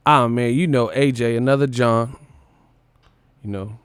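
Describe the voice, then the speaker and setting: A man's voice: medium pitch, steady tone, unhurried, clear, resonant tone, no room sound. A man hosting a livestream, reacting in casual, profane commentary with frequent incredulous laughter. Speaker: livestream host.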